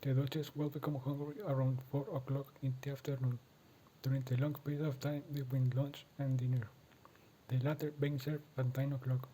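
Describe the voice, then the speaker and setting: A man with a Latin American Spanish accent giving a scripted class presentation in a measured way. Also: medium pitch, level tone, mellow, slight background noise, low-quality recording. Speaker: student presenter.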